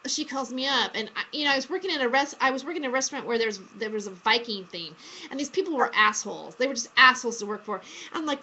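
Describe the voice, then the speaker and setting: A woman's voice: on the high side, lively intonation, fairly quick, sharp tone, muffled recording. A woman co-hosting a casual talk show, rambling with many fillers and restarts. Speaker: podcast host. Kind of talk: casual chat.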